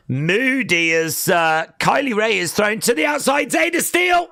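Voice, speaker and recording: A young man hosting a live wrestling watch-along, calling the action and chatting with viewers, often shouting at big moves. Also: fairly high pitch, expressive, normal speed, hardly any pauses, no room sound, clean studio sound.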